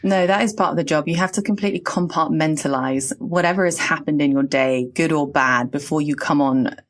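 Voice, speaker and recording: English woman in her late thirties, slightly low voice, reflective podcast talker. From England. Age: late 30s. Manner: reflective, earnest, halting. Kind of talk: casual podcast chat.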